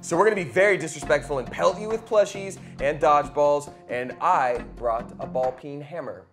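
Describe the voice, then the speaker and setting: A man's voice: fairly high pitch, moderate pace, fairly bright tone. A man teasing his friends with mock-solemn jokes during a game video. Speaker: show regular. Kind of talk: joking game banter. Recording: music and crowd behind the voice.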